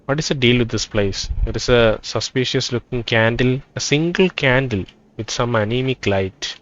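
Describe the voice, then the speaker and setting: A man playing a role-playing game, reading its text aloud and thinking out loud about what he finds. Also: medium pitch, normal speed, muffled recording. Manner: thinking aloud, reads dialogue in quoted turns. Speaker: let's play gamer.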